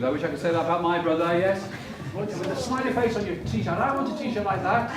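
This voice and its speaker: High-voiced man lecturing in an echoey hall. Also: fairly quick, distant mic, crowd noise. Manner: jokey and playful, talks directly to children in the audience. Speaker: chemistry professor giving a lecture. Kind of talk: lively public science lecture. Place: lecture theatre. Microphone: fixed camera from far off.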